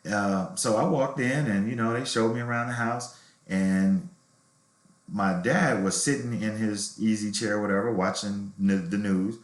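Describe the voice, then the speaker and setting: Recorded with the spacious echo of an open-room interview, a low-voiced, middle-aged man, a novelist guest, recounts something personal. He's candid and reflective, keeping a measured pace.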